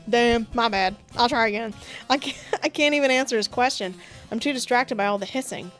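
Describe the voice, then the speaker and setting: A woman's voice: a little high, fairly quick, soft background music. A woman giving playful, giggly commentary while reading a dating-sim game aloud, with sarcastic asides. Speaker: gaming streamer. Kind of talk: casual let's-play commentary and reading aloud.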